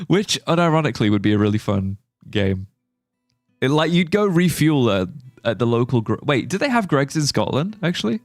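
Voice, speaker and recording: A man livestreaming a game in casual chat, excitable and laughing often, with quick exclamations. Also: medium pitch, no echo, studio quality, soft background music. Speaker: live streamer.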